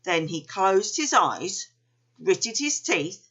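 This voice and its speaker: A woman reading a children's story aloud in an expressive, unhurried way. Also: mid-range voice, muffled recording.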